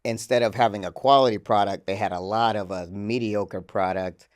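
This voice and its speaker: A man's voice: lowish voice, steady tone, normal speed. Rambling man co-hosting a podcast. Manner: loose, rambling, with lots of fillers and laughs. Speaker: podcast co-host. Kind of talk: casual chat.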